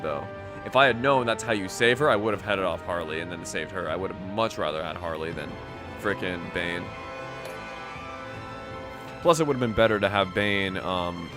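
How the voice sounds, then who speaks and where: A young man chatting casually as a game streamer, rambling with lots of fillers. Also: low-pitched. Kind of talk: casual gaming commentary.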